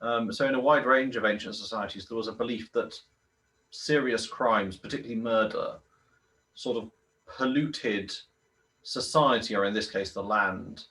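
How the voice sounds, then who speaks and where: A man in a study group offering a thoughtful, measured answer with some hesitations. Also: fairly low pitch, sharp tone, far from the mic, rough recording. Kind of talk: group discussion.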